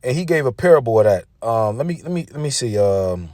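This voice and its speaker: Brief: combative male preacher, mid-pitched, dead-dry sound. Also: big pitch swings, brisk, a little mellow, no echo. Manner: combative, reads scripture aloud, mocking rivals. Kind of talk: street-preacher sermon video.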